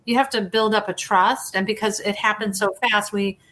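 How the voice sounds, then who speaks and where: Bright-voiced chatty woman hypnotherapist. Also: mid-range voice, fairly even intonation, moderate pace. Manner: chatty, restarts sentences, acts out quoted dialogue. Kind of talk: storytelling in a casual interview.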